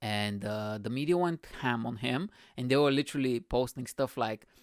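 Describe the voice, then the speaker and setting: A young man hosting a comedy podcast, telling a story in an energetic, profane, rambling way. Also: mid-range voice, moderate pace, no echo, clean studio sound. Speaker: podcast host. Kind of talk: casual comedic podcast monologue.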